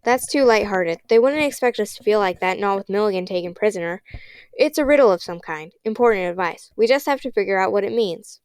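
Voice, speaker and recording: A woman reading the part of a calm, level-headed boy who speaks soothingly. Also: mid-range voice, fairly quick, smooth, no echo, natural voice.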